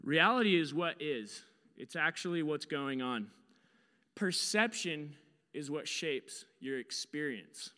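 A man with a slightly high voice delivers a storytelling sermon, swinging from hushed asides to acted-out shouts. His voice rings with the long reverb of a large church hall. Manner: animated storyteller, acts out his own panicked shouts. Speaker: preacher.

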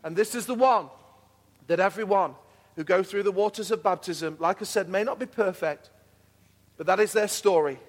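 A man's voice: high-pitched, normal speed. A man preaching a sermon as pastor, earnest and repetitive, building to fervent declarations. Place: church hall. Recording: long hall reverb.

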